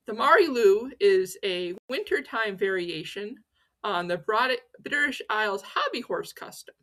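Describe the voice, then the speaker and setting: A woman with a higher-pitched, pushed and bright voice hosts a pagan folklore channel. She tells its stories playfully and theatrically, tossing in self-mocking asides as she educates.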